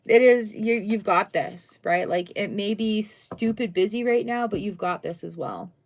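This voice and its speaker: At a measured pace and medium pitch, a middle-aged woman chats her way through a live-stream tarot reading. She is cheerful and casual, full of exclamations and occasional little songs.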